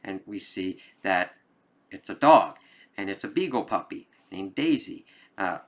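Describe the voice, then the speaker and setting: A man's voice: low voice, animated, unhurried, creaky. A man giving a casual spoken movie review, rambling with lots of fillers and occasional emphatic cursing. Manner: rambling, loose, lots of "like" and "kind of". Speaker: film reviewer.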